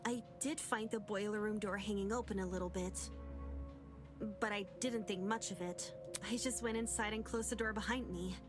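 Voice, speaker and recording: Woman reading as a shy self-blaming girl, slow and unsure, game music behind. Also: medium pitch, steady tone, natural voice. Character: timid, self-blaming young woman recounting events. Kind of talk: reading character lines in a game playthrough.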